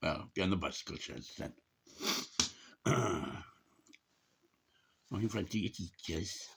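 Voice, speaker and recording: A middle-aged man chatting casually to camera in a rambling, jokey way, often clearing his throat. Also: deep voice, slow pace, slight background noise. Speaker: vlogger.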